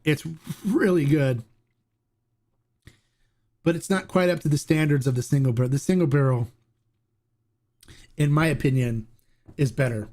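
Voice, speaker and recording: Excitable man hosting a tequila livestream. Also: a little high, moderate pace, long pauses. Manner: excitable, laughs often, restarts sentences. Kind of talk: casual livestream chat.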